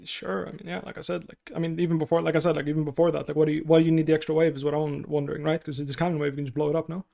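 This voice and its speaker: Fast-talking hoarse young man coaching. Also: a little high, level tone, mellow. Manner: blunt, casual, heavy swearing. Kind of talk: livestreamed gameplay review coaching.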